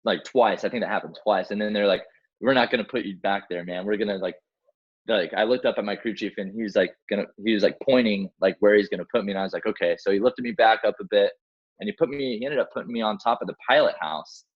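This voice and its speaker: Low-voiced man telling a rescue story. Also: fast talker, husky, highs cut off. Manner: animated, acts out quoted dialogue, many fillers like "like" and "man". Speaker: guest, helicopter rescue swimmer. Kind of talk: casual storytelling in an interview.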